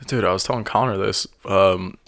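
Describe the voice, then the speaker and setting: A young man with a gravelly voice in casual chat, telling crude, exasperated stories about working the door at a bar. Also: low-pitched, normal speed, fairly bright tone.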